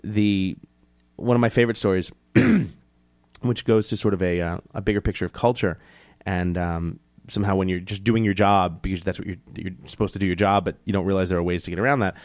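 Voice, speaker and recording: A man being interviewed, telling stories casually and animatedly, jumping up in pitch to act out other people. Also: fairly quick, no echo. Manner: animated, acts out quoted voices in a higher pitch. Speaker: guest. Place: New York City.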